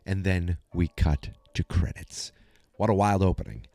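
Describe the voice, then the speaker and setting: A man hosting a podcast, recapping an episode in a chatty, animated storytelling way. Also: low-pitched, moderate pace, vocal fry, no echo. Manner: chatty, animated storytelling with many fillers and restarts. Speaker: podcast host.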